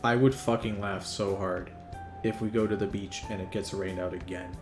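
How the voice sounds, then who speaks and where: With music playing in the background, a man gives gaming commentary as a let's player, cracking crude jokes and swearing a lot. His voice is low and steady, at a normal speed.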